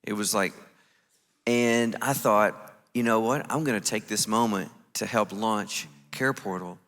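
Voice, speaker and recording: A man's voice: fairly low pitch, unhurried. A man telling a story to a conference audience from the stage, acting out his own reactions as he goes. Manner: animated, acts out his own quoted reactions. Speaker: conference speaker. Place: conference stage in a large venue. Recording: echoey large hall.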